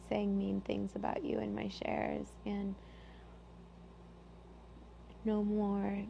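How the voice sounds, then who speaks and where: A young woman speaks earnestly and haltingly, pausing and restarting, with a gravelly, dark tone. Her voice stays on a flat, even pitch. The recording is muffled, with a faint hum underneath. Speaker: group member sharing. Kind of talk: personal sharing. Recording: muffled low-fidelity audio with faint hum.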